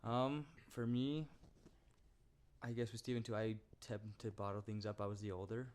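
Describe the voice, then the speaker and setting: A man's voice: lowish voice, fairly even intonation, normal speed, darkish tone, clear, resonant tone. A young man chatting on a podcast, easygoing and joking. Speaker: podcast guest. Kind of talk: casual podcast chat.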